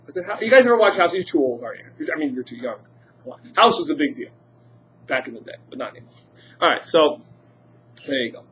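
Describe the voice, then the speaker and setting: A man's voice: a little high, lively intonation, fairly quick, long pauses, a bit bright, a little hiss or hum. A man teaching a chemistry class, quizzing students and joking in asides. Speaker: high school chemistry teacher. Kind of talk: classroom lecture.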